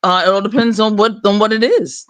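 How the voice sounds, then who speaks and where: A man's voice: high-pitched, fairly quick, dry recording. Man, stream guest, easygoing, long explanations, dry close sound. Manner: easygoing, explains things at length. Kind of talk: casual chat on a live stream.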